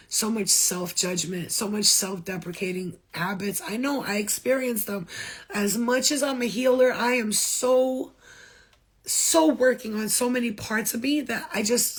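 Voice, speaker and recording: A woman's voice: mid-range voice, breathy edge. A woman who works as a spiritual healer, giving an impassioned, blunt talk to viewers, swearing freely and repeating phrases for emphasis.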